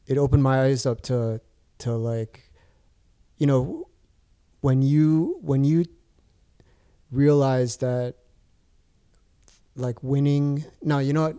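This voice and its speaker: A man's voice: mid-range voice, mellow, clean tone. A man in his thirties casually telling a long story, rambling with lots of fillers and restarts. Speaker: guest.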